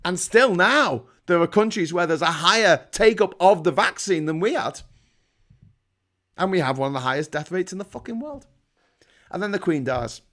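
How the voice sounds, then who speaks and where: A man's voice: high-pitched, animated, normal speed, fairly bright tone. A man with a British accent hosting a livestream, ranting angrily about politics with constant swearing and sarcasm. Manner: profane, sarcastic, angry. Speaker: livestream host.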